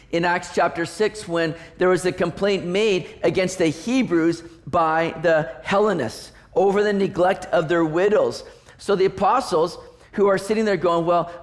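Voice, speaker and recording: A man preaching a sermon as a pastor. He talks in a conversational way, asks the congregation rhetorical questions and often restarts his sentences. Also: on the high side.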